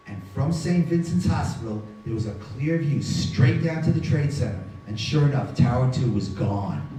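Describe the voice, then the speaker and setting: A middle-aged guest speaker gives a live talk in a large synagogue hall, telling his own story and animatedly acting out the people's dialogue in voices. His fairly high voice moves at a moderate pace with hardly any pauses. The mic is far off in the echoey hall, with slight background noise.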